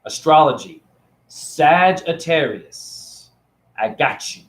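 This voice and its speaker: A man's voice: fairly high pitch, big pitch swings, slow, echoey room, slight background noise. Man preaching playfully into his phone. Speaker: spiritual teacher. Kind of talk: casual teaching monologue to camera. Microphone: phone camera.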